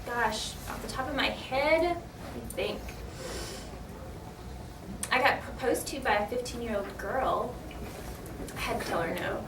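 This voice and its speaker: A young voice actress answering convention panel questions in a giggly, chatty, self-deprecating way. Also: female voice, a little high, measured pace, pauses often, background noise. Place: large convention hall. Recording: echoey hall from far off.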